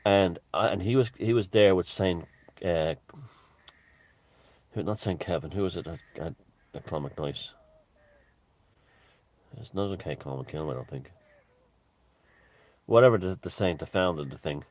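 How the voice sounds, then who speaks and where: An Irish man talking in a rambling, digressive casual monologue, halting with frequent restarts and asides. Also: low voice, a little mellow. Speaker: vlogger.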